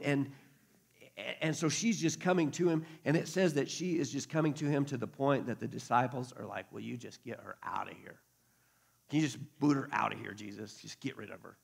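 A pastor preaching a conversational sermon, acting out quotes along the way. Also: male voice, on the high side, gravelly, breathy edge.

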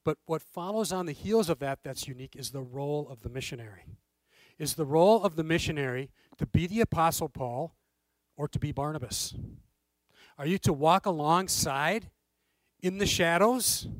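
Male interview guest, slightly high voice, measured and explanatory, dry close sound. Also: dry recording, rough recording. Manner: measured and explanatory, checks in with "okay?". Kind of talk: conversational interview answers.

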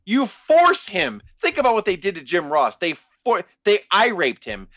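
A lively, high-pitched man rants on a casual wrestling podcast, swinging his voice up and down. His tone is bright and sharp, and he swears freely. The sound is dry and a bit dull, like a lo-fi podcast mic. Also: moderate pace, dry recording. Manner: animated, profane, laughing, does mocking voices. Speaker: podcast co-host.

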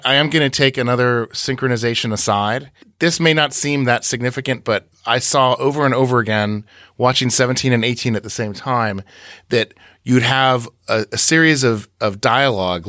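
A man's voice: medium pitch, moderate pace, pushed and bright, no echo, clean studio sound. A man co-hosting a podcast, recapping and analyzing scenes in a meandering, self-correcting way. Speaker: podcast co-host. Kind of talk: casual podcast discussion.

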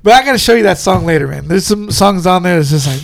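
A man's voice: sits high, lively intonation, fast, creaky. A man co-hosting a podcast in casual chat, laughing often and retelling stories with quoted lines. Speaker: podcast co-host.

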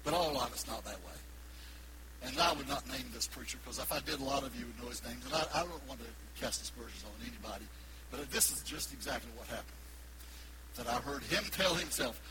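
A pastor preaching a sermon, swinging from loud emphatic peaks to hushed asides. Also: male voice, medium pitch, fairly quick, very noisy. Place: church sanctuary.

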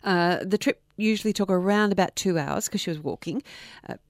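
A woman's voice: medium pitch, fairly quick, dry recording, studio quality. A woman co-hosting a podcast, telling a true-crime story in a chatty, casual way and laughing often. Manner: chatty, laughs often, speeds up when excited. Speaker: podcast co-host.

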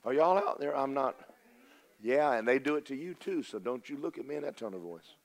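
Folksy older preacher. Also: male voice, mid-range voice, expressive, brisk. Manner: folksy and storytelling, swinging from loud to hushed. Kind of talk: sermon.

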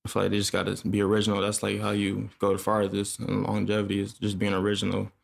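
Young male producer guest, low gravelly flat delivery, relaxed and halting. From upstate New York. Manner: laid-back, halting, lots of fillers. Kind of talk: casual interview chat.

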